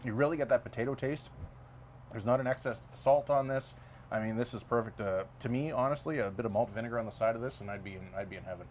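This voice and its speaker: A man's voice: mid-range voice, fast talker, a little mellow, slight background noise. A man hosting a food show, chatting casually and enthusiastically on location, joking and praising the food. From Timmins, Ontario, Canada. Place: outdoors at a food truck.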